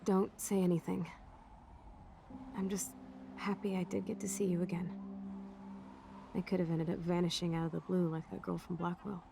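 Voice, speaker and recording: A woman's voice: on the low side, level tone, normal speed, creaky, long pauses, background noise. An actress voicing a blunt, wry young woman in a video game, talking in a frank, sardonic way. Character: blunt, wry young woman, teenage girl's best friend.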